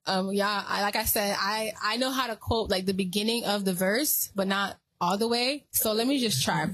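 A woman's voice: medium pitch, moderate pace, dry recording, low-quality recording. A woman hosting a casual faith podcast, telling stories animatedly and talking to listeners as y'all. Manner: animated storyteller, acts out quotes, addresses listeners as y'all. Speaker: podcast host.

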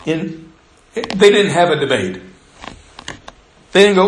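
In an echoey church, a man preaches a sermon conversationally and expressively in a fairly high voice for a male. To emphasize points he drops to a slow, quiet delivery, and there's a little hiss or hum on the recording.

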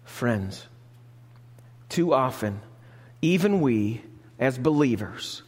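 A man's voice: high-pitched, expressive, a little slow, big-room sound. A man preaching a sermon as pastor, emphatic, reading scripture and asking the congregation questions, recorded live in a church sanctuary.

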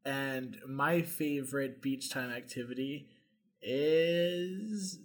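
A man joining a tabletop role-play session, excitable and joking. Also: medium pitch, slow. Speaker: player. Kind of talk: casual tabletop banter.

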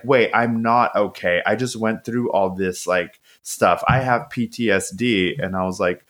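A man co-hosting a podcast, recapping a show in casual chat, swearing freely and acting out the characters' lines. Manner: animated, profane, acts out quotes in high voices. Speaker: podcast co-host.

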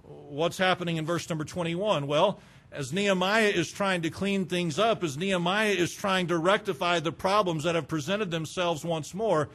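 A man preaching a sermon, fervent and emphatic, breaking into loud bursts. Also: high voice.

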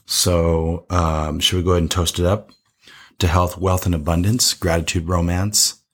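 A man's voice: sits low, level tone, normal speed. A man co-hosting a casual wine tasting show, chatty and rambling, laughing often.

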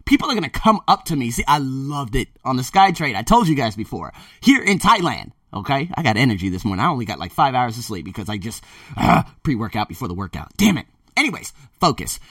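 A man talking casually to his viewers, emphatic and animated, often repeating himself. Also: mid-range voice, fast, husky, no room sound, clean studio sound, recorded from a distance. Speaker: vlogger. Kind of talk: casual monologue to camera. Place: Thailand.

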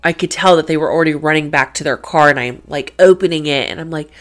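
A middle-aged woman hosting her faith-based show, telling a personal story in a chatty, animated way and acting out her own reactions. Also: sits low, quick pace, few pauses. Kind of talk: casual storytelling monologue.

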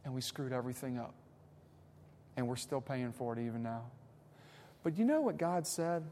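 A man preaching a sermon as pastor, moving between hushed, reflective passages and emphatic, rising points, with casual conversational asides. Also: medium pitch, animated, normal speed, in a large hall, slight background noise.

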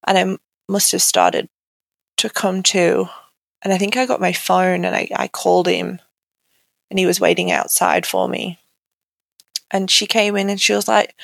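A woman's voice: medium pitch, fairly even intonation, moderate pace, gravelly, long pauses, a bit bright, no echo. A young woman as an interview guest, telling her own story candidly and conversationally, with many "like" fillers. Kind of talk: personal account in an interview.

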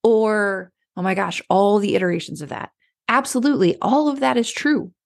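A woman's voice: medium pitch, lively intonation, normal speed, gravelly. A woman coach giving a casual motivational talk, chatty and conversational, often acting out people's inner voices. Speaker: clarity coach.

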